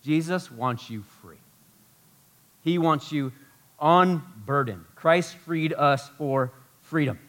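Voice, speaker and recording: A man preaching a sermon as pastor, animated and emphatic, full of rhetorical questions. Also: a little high, slow pace.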